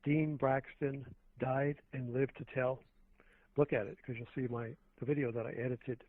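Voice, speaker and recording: A man's voice: mid-range voice, level tone, normal speed, no echo. Rambling man on a tinny phone line. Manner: rambling, earnest, many restarts. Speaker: guest. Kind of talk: phone-in talk radio conversation.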